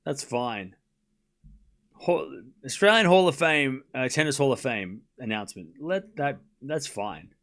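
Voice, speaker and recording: A man's voice: mid-range voice, lively intonation, unhurried, a bit bright. A man hosting a live tennis watchalong stream, chatting casually and sarcastically teasing viewers, rambling with restarts.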